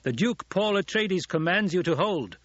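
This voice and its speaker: Guy reading a bossy young duke, husky, kinda muffled lo-fi sound. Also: mid-range voice, moderate pace, no room sound, lightly acted. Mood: commanding. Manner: commanding, shouts orders. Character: young male duke, commanding and stern. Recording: dull lo-fi audiobook recording.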